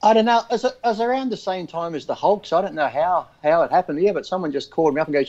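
A man's voice: a little high, fast talker, few pauses, a little mellow, muffled recording. Australian man, swearing storyteller. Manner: swears freely, acts out comic voices in his anecdotes. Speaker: co-host. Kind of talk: casual chat.

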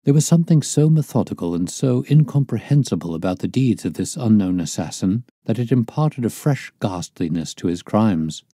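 A man reading a classic detective novel aloud as storyteller, in measured, descriptive narration. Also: fairly low pitch, expressive, warm tone, breathy edge, dry recording, clean studio sound.

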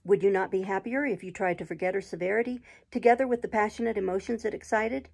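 A gentle, patient schoolgirl, read by a woman in a storybook audiobook, reasoning calmly and earnestly. The voice has a husky, breathy edge with a gravelly fry underneath. Her delivery stays even and measured. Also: medium pitch. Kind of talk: audiobook reading.

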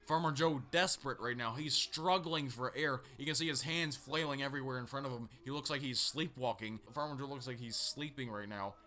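A young man giving joking, excitable play-by-play commentary on a wrestling match, switching between loud outbursts of disbelief and low mutters. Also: brisk, hardly any pauses. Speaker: mock commentator.

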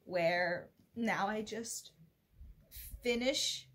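A woman's voice: mid-range voice, very slow, fairly bright tone, slight background noise. A young woman vlogging about books she is reading, gushing and laughing often and sometimes reading passages aloud. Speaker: book vlogger. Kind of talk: casual reading vlog.

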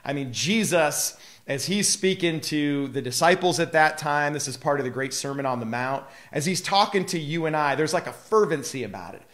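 A man's voice: a little high, expressive, moderate pace, a bit bright. A male pastor giving a live devotional talk, earnest and emphatic, with casual fillers.

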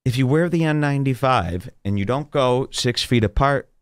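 A man's voice: medium pitch, normal speed, clear, resonant tone, no echo, studio quality. A man hosting a podcast, telling a rambling story in casual chat and swearing freely. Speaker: podcast host.

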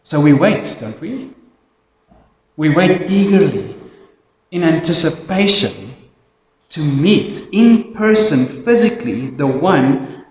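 A South African man preaching from the pulpit in a voice pitched a touch high. He moves slowly and with emphasis, sinking into quiet intensity. The sound rings through a big, echoey church hall with a long reverb. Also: very animated. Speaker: pastor. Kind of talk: sermon.

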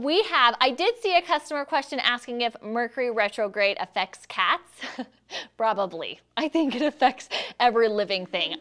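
A woman's voice: on the high side, a bit bright. Chatty, giggly woman hosting a live show. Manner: chatty, giggly, self-deprecating. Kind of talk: casual live-stream chat.

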